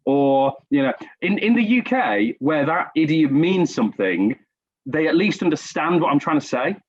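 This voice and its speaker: A man's voice: a little high, sing-song, normal speed, breathy edge, no room sound. A man telling stories in a casual podcast chat, self-deprecating and chatty. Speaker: podcast guest. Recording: dull lo-fi recording.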